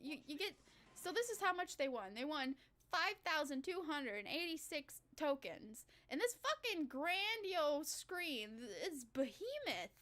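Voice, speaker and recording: A woman's voice: high voice, big pitch swings, measured pace, fairly bright tone. A young woman streamer reacting to videos in casual, rambling, profane commentary, often getting worked up. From United States. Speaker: Vtuber streamer.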